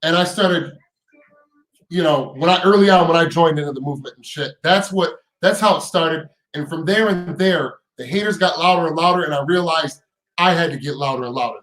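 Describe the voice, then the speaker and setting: A man's voice: on the high side, fairly quick, a bit bright, echoey room, rough recording. Fired-up man ranting on a live stream. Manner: heated, profane, repeats words and restarts; rhetorical questions in rising bursts. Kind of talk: casual live stream chat.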